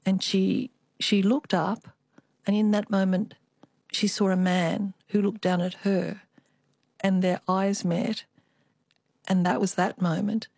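A woman's voice: mid-range voice, level tone, slow pace, vocal fry, pauses often, a little mellow, no echo, clean studio sound. An older woman, an artist, telling family stories as a guest in a radio interview. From Australia. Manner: reflective storytelling, with small restarts.

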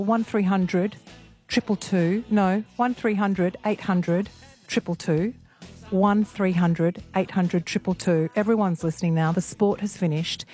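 A woman radio host presenting a talkback show in a chatty, teasing, brisk way. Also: medium pitch, a little mellow. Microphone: studio microphone.

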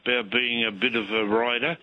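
A man with an Australian accent calling in to a radio show, friendly and rambling with many pauses. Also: mid-range voice, level tone, no room sound. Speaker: caller. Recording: tinny phone line, dry.

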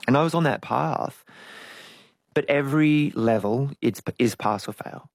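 A man's voice: mid-range voice, a little slow, darkish tone, no room sound. A middle-aged man, a guest musician, telling his story candidly in an interview and acting out his own past voices. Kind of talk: conversational interview.

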